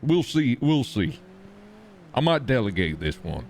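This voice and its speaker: A man's voice: medium pitch, very animated, unhurried, vocal fry, darkish tone, slight background noise. A man streaming a police roleplay, chatting casually, laughing often and swearing. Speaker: streamer playing a police chief.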